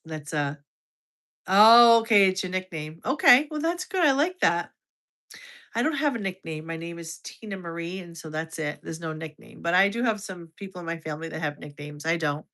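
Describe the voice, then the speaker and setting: A woman's voice: lowish voice, expressive, moderate pace, fairly bright tone. A woman from the United States in her fifties, hosting a casual livestream, chatty and restarting sentences as she reacts to viewer comments. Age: over 50. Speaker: health livestream host.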